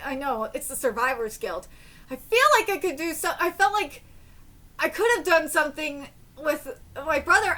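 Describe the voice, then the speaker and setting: A woman's voice: high-pitched, pushed and bright. A woman in her thirties streaming a live manga reaction. She talks candidly and tearfully, swearing freely.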